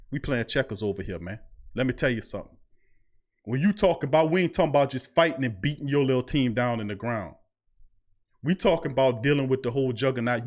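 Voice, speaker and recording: A man hosting a sports podcast at his mic, preaching his points and repeating phrases for emphasis. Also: mid-range voice. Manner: preachy, repeats phrases, heavy Southern US slang. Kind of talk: fired-up sports talk. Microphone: studio mic.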